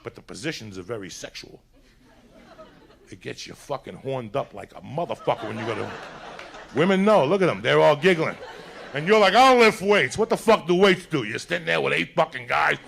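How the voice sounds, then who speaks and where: Gravelly, profane stand-up comedian. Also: male voice, mid-range voice, lively intonation, fairly quick, a bit bright, a faint crowd, slight background noise. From Cuba. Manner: profane, rowdy storytelling. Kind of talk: stand-up set. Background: audience laughter.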